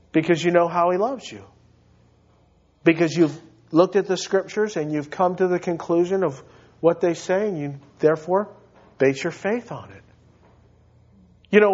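Male pastor, high-pitched, emphatic preaching style with big swings; dull lo-fi recording. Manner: emphatic preaching, swinging between loud high peaks and low quiet drops. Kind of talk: sermon.

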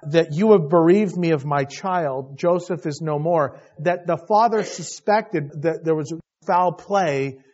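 This Bible teacher's voice sits on the high side, darkish in tone, with a measured pace. He gives an expository sermon, reading scripture and retelling it conversationally with mounting emphasis. The recording is dull and lo-fi.

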